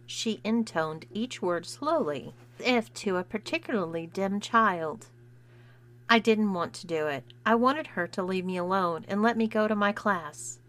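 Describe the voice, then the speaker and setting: A woman's voice: mid-range voice, unhurried, a bit bright. Woman reading a story aloud. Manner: acts out dialogue with shifting voices. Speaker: narrator. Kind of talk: scripted first-person story reading.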